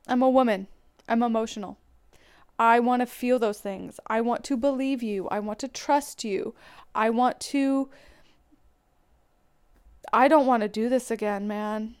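A woman's voice: on the high side, unhurried, pauses often, darkish tone, smooth. A woman host venting bluntly and profanely about a man who let her down, in a confessional rant. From Irish heritage. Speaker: podcast host.

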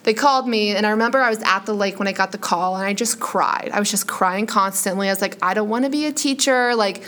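A woman's voice: mid-range voice, steady tone, quick pace, a bit bright. Teacher lady in her late 20s chatting on a podcast, says like a lot, classroom headset mic. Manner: chatty, peppered with "like". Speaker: high school teacher. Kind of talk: casual podcast chat. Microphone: headphone microphone.

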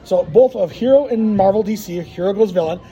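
Podcast co-host, male, high voice, quick rambling teaser, mellow tone. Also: dull audio. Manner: fast, teasing, rambling with many restarts. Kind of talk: casual chat over a card game.

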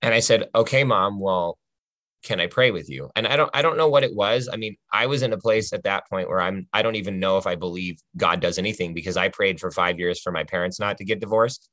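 Man, low-pitched but bright and forceful, earnest testimony storyteller, dry close mic. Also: brisk, no room sound. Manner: earnest, conversational, often adds "right?".

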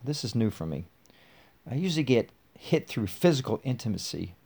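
A man reading a young woman's text messages aloud in a softer, breathy voice. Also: medium pitch, sing-song, moderate pace, heavily acted. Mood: wistful. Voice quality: breathy, soft tone. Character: young woman, soft-spoken, restless and wistful.

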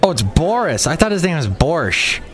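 A man's voice: on the high side, big pitch swings, normal speed, fairly bright tone, soft background music. A man hosting a casual solo podcast, rambling and sarcastic, talking to listeners. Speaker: podcast host.

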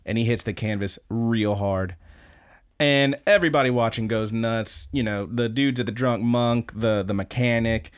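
A man co-hosting a podcast, casually recapping events in an excited play-by-play with some swearing. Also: mid-range voice, normal speed, clean tone, dry recording, studio quality. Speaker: podcast co-host.

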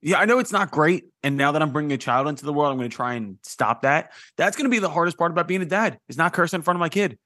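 A young adult man hosting a podcast in casual chat, loose and excitable, swearing freely. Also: a little high, fast, hardly any pauses, no echo, clean studio sound. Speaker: podcast host.

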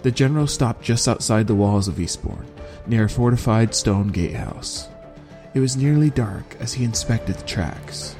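Low mellow guy reading a fantasy audiobook, steady, soft music under it. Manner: steady, measured storytelling. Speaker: audiobook narrator. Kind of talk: first-person scripted narration.

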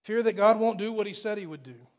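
High-voiced male preacher delivering a dramatic sermon, with emphatic builds and hushed, near-whispered quotes. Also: fast.

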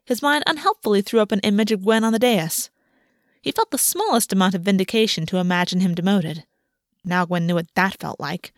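A woman narrating a fantasy novel chapter in a steady, even reading voice. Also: mid-range voice, brisk, no room sound, studio quality. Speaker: audiobook narrator. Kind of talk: scripted narration.

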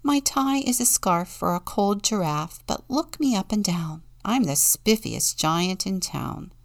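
A woman's voice: medium pitch, wildly swooping pitch, normal speed, gravelly, no room sound. A woman voicing a proud but kind-hearted male giant from a storybook, cheerful and a touch pompous. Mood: sing-song.

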